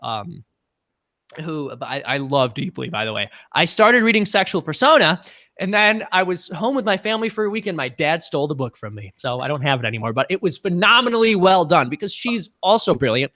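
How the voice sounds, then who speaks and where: A young man chats his way through a livestream question session, talking casually and making jokes. His voice sits a little high and sounds bright and forceful. The recording is dry, with no room sound. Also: expressive, brisk, no room sound. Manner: chatty, joking, breaks into voices. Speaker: channel host answering viewer questions.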